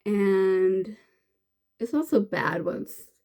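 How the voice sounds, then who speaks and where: Woman vlogger, casual makeup chat, gravelly fry, rambling delivery. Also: medium pitch, animated, drawn-out words, darkish tone. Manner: rambling, chatty, many fillers and restarts. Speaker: beauty vlogger.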